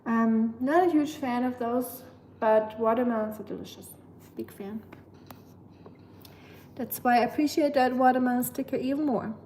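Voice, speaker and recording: A woman's voice: on the high side, normal speed, mellow, a little hiss or hum. Chatty German-accented woman streamer. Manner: chatty, rambling, with frequent fillers. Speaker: live streamer. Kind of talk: casual livestream chat.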